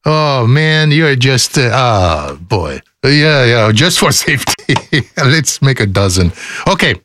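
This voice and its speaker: A man hosting a radio show, joking and telling stories in a playful, animated way in a studio. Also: mid-range voice, takes it slowly, slight background noise. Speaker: radio host. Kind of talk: studio outtakes and casual chat.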